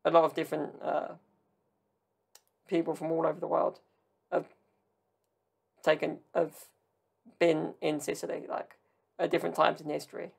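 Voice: medium pitch, completely flat delivery, moderate pace, gravelly, long pauses, breathy edge. A podcast host from Southern Italy chatting casually on their own, rambling and drifting into tangents with jokey asides. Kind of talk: casual solo podcast chat.

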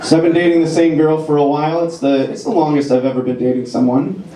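Steady in tone and fairly high in pitch, a man's voice comes through a very noisy recording of his stand-up set. Onstage at a comedy club, he's wry and self-deprecating and does quick voices, with echo and crowd laughter around him.

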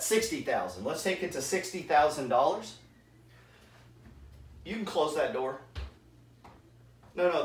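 A man's voice: high-pitched, fairly bright tone, distant mic. Slightly breathless man explaining investing. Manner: blunt, works through rough math aloud, rounding as he goes. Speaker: real estate investor. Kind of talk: informal money explainer. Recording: echoey room, away from the mic.

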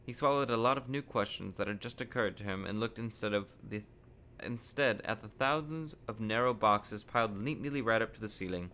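A man hosting a podcast, reading a children's novel aloud from a living room in steady, unhurried storytelling with small stumbles. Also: on the low side.

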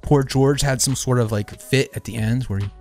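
A man's voice: medium pitch, moderate pace, a little mellow, faint music behind. A man hosting a casual gameplay chat, joking and playful as he plays along with a friend. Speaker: gaming channel host.

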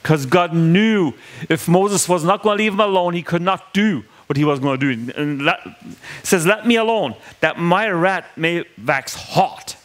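A man's voice: high voice, a little slow. A man preaching a sermon in a conversational way, asking the congregation questions and acting out the lines he quotes.

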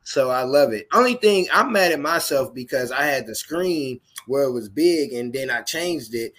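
A man's voice: medium pitch, animated, normal speed, a bit bright. A male podcast host chats casually on a video call. He speaks with playful, slangy banter and loose phrasing. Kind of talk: casual chat.

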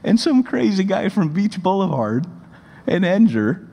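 A man's voice: sits high, unhurried, vocal fry, husky. Man in his forties preaching in a reverberant hall. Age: 40s. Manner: conversational, animated storytelling. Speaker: pastor. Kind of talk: sermon. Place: church sanctuary. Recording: long reverb of a large hall.

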